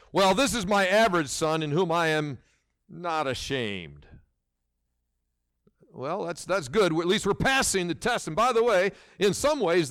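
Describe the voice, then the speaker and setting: A middle-aged male preacher delivers a sermon with a lively voice that rises and falls widely. His pitch sits a touch high for a man, and he throws rhetorical questions at his listeners and restarts phrases as he presses each point. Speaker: pastor.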